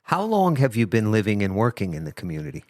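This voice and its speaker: A man's voice: on the low side, wildly swooping pitch, fast talker, darkish tone, dry recording, clean studio sound. A man hosting a podcast interview, giving brief encouraging replies and questions. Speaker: podcast host. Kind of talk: casual interview talk.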